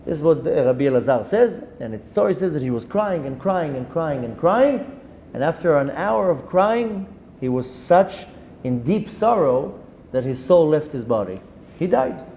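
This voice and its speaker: A man, a rabbi giving a Torah lesson, telling a story with animated delivery, dropping in Hebrew terms and restarting his sentences. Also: on the high side, moderate pace, slight background noise. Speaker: rabbi teaching a Torah class.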